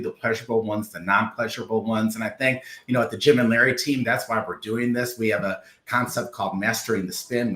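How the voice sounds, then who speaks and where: A man's voice: lowish voice, sharp tone. A man co-hosting a livestream, speaking in an enthusiastic, earnest way. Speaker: co-host of a livestream show. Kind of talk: casual live-stream chat. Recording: roomy echo.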